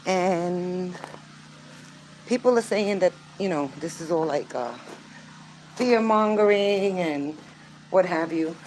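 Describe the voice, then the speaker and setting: An older woman talks casually to her viewers in a chatty, earnest way, leaning on fillers as she goes. Her voice sits a little low. A clear engine and vehicle hum runs behind her. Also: slow pace, pauses often, a little mellow, rough recording. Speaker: vlogger. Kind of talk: casual vlog talk to camera.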